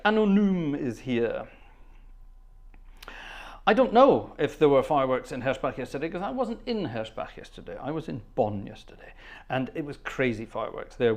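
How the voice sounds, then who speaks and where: A man with a mid-range, slightly mellow voice runs a livestreamed organ concert from the console. He chats casually, welcoming viewers by name one by one and humming in between.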